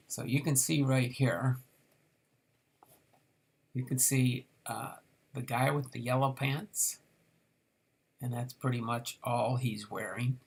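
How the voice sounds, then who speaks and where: A man with a slow, gravelly, medium-pitched voice reviews a set of trading cards as a collector. He rambles casually, using plenty of fillers while reading the names off the cards.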